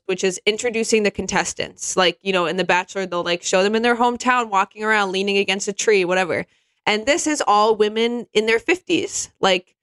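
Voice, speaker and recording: A woman's voice: mid-range voice, a bit bright, smooth, dry recording. Sarcastic woman in casual comedic chat. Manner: sarcastic, acts out quoted people in mocking voices.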